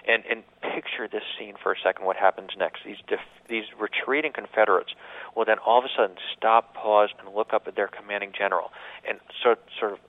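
A man calls into a radio show and tells his story with vivid, dramatic detail. His voice sits low and comes through a thin, phone-like line. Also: fairly even intonation, brisk. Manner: dramatic narrative telling, repeats words when starting. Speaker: author guest on a radio call-in show.

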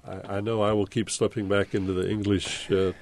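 A man's voice: on the low side, flat delivery, a little fast, darkish tone, slight background noise. A man hosting a call-in radio discussion, thoughtful and stopping to restart his phrases. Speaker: radio talk show host.

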